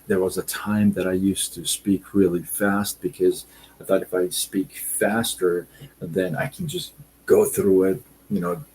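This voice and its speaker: Low, slow-talking man hosting a live stream. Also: a little hiss or hum, rough recording. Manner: relaxed, deliberate, with frequent fillers. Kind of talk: casual live-stream talk reading viewer comments.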